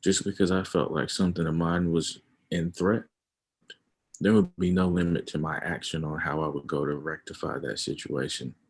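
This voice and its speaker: Casting: gravelly, husky, low-voiced man, casual livestream host, emphatic. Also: fairly even intonation, normal speed. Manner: emphatic, rising to loud outbursts. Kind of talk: casual opinion chat on a livestream.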